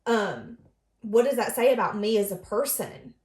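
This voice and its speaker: A woman talks through a tarot reading in a casual, heartfelt way. She often slips into the voice of the person she is reading about. Her pitch sits in the middle range, and the room around her is echoey. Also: expressive, normal speed, darkish tone. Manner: earnest, emotive, speaks from the other person's view. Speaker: tarot reader.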